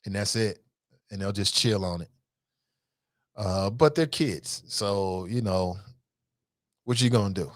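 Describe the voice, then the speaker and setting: Picture a man talking into a close mic, his voice dry with no room around it, as he hosts a casual call-in talk show. His pitch sits in a middle range. He reads listener comments aloud and answers them in a blunt, animated way, swearing freely. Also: normal speed, long pauses, dry recording.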